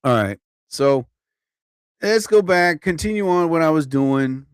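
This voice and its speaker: A man chats on his own livestream from home, rambling from one thought to the next and laughing at his own asides. His voice sits a little higher than most men's, and the sound is close and dry. He sounds a bit tired and yawns now and then. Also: animated, measured pace, clean tone, no room sound. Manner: chatty, self-interrupting, swears mildly, laughs at himself. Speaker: comedian livestreaming. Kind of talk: rambling casual livestream chat. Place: at home, TV on overhead. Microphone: phone or computer mic, livestream.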